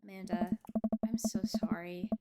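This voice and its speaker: A woman reading a gentle, goofy dad. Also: lowish voice, steady tone, measured pace, very noisy, close to an everyday voice. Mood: bewildered. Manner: soft, reassuring, joking. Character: gentle, goofy dad comforting his daughter. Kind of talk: game script read aloud. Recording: loud game music behind.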